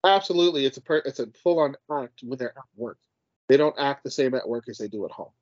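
A man's voice: medium pitch, lively intonation, quick pace, dry recording. A man co-hosting a casual podcast. He talks with emphasis and passion and swears freely. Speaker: podcast co-host. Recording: dull dry podcast audio.

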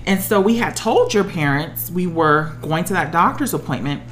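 A woman's voice: fairly low pitch, animated, normal speed, fairly bright tone, faint music behind. A woman on the verge of tears, telling a personal story in an emotional, emphatic way as a podcast co-host. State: close to tears.

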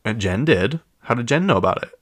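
A man's voice: medium pitch, lively intonation, a little fast, no echo. A man hosting a pop culture recap, chatting casually in a gossipy, opinionated and rambling way. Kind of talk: casual chat.

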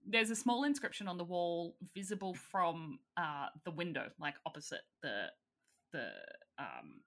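A woman casually recapping a film plot in lively storytelling, with fillers and the odd swear. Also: on the low side, moderate pace. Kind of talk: casual chat.

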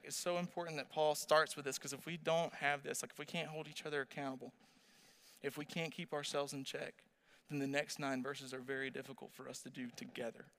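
Bright-voiced animated male preacher. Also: on the high side. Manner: animated storytelling, asks the audience questions. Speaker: pastor. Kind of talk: sermon.

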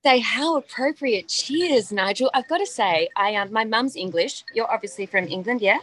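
A woman's voice: fairly high pitch, animated, normal speed, a little hiss or hum, poor audio. A woman, an actress chatting enthusiastically as a guest on a video call. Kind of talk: casual chat over video call.

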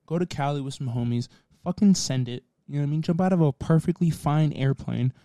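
A man's voice: fairly high pitch, fairly quick, dark tone, no echo. A man co-hosting a podcast in casual chat, rambling and laid-back, with plenty of swearing and fillers. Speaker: podcast co-host.

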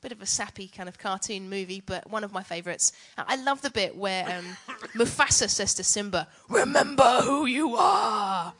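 A woman's voice: mid-range voice, brisk, few pauses, a bit bright. A woman giving a chatty, self-mocking teaching talk on worship to church leaders.

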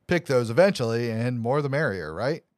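A man co-hosting a movie podcast, chatting casually with jokes and quick asides. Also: medium pitch, expressive, darkish tone, no echo, studio quality. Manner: joking, upbeat, quick asides. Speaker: podcast co-host. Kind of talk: casual chat.

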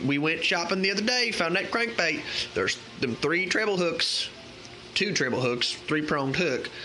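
Man doing a folksy country fishing guide, put-on Southern accent, hammy, bright voice. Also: sits high, slight background noise, pitched above the performer's own voice.

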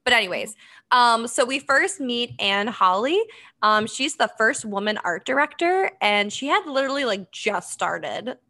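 A woman from the Boston area co-hosts a podcast, casually recapping a documentary with plenty of ums and easy laughter. Her voice is fairly high, animated, and unhurried, with a pushed, bright quality.

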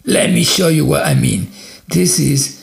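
A man's voice: fairly high pitch, a little slow, gravelly. A man voicing a weary, frustrated businessman as he retells a story, speaking in an exasperated, complaining way. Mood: fed up.

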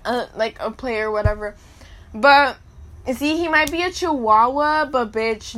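A young woman hosts a casual storytelling podcast and speaks straight to her listeners. Her voice is high and bright, and her delivery is blunt, crude and full of slang and swearing. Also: takes it slowly. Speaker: podcast host.

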